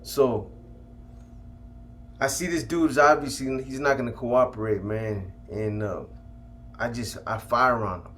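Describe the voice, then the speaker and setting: A man's voice: mid-range voice, a little slow, pauses often, fairly bright tone. A man telling stories from his past in a casual, laid-back way, dropping slang and ending lines with "man". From California. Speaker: storyteller recounting his past. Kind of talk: casual first-person storytelling.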